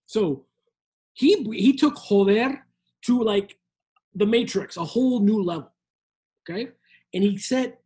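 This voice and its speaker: A man's voice: high voice, unhurried, long pauses, dark tone, breathy edge. A man from Miami co-hosting a casual, comedic chat, playfully slipping Spanish words and phrases into his talk. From Miami, USA. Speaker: co-host.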